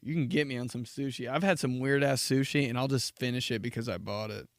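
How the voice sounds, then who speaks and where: A young man rants alone into a close podcast mic, loose and profane, often laughing at his own stories. His voice sits at a middle pitch, and the sound is very dry with no room around it. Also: fast talker, no room sound. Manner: rambling, profane, laughs at himself, acts out dramatic reactions. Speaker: podcast host. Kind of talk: solo comedic podcast rant.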